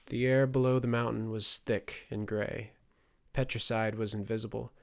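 A man narrating a fantasy audiobook in a steady storytelling delivery. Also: fairly low pitch, moderate pace, gravelly.

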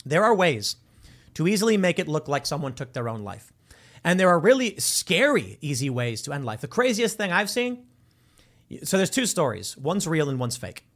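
A male host talks through a casual commentary monologue with lively, swooping intonation. His voice sits a little high for a man, and he acts out the people in his stories as he goes. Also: moderate pace. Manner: animated storytelling, acts out quoted voices.

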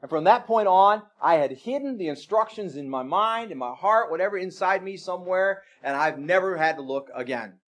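High-voiced man preaching conversationally. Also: animated, moderate pace, hardly any pauses, fairly bright tone. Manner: conversational preaching with frequent tag questions and homely examples. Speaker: pastor. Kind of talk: sermon.

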